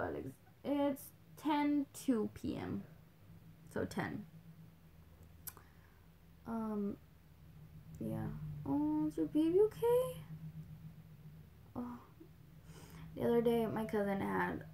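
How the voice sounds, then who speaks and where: A woman's voice: high-pitched, gravelly, a little mellow, slight background noise. A young woman talking in a rambling, casual way as a livestream host, full of "like"s, slipping in Spanish phrases now and then. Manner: chatty, rambling, with many "like"s and little laughs. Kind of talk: casual chat.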